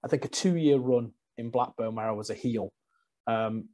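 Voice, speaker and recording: A man's voice: mid-range voice, normal speed. A man, a guest wrestler, chatting casually in an interview and animatedly acting out the stories he tells. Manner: animated storyteller, acts out quotes.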